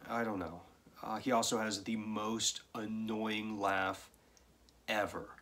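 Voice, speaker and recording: Man, film reviewer, unhurried delivery, lowish voice, dry sarcastic remarks, casual review. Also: little pitch movement, fairly bright tone. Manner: dry, sardonic asides.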